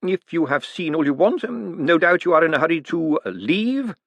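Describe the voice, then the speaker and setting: A man's voice: on the high side, big pitch swings, moderate pace, no echo, highs cut off, voice pushed up. A man voicing a prim, precise male bank clerk who speaks stiffly and formally.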